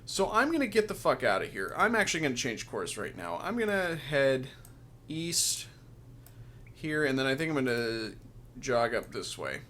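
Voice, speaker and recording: A man's voice: mid-range voice, very animated, normal speed, bright, forceful tone, a little hiss or hum. A man giving casual let's play commentary, sarcastic and grumbling, cursing and laughing at the game.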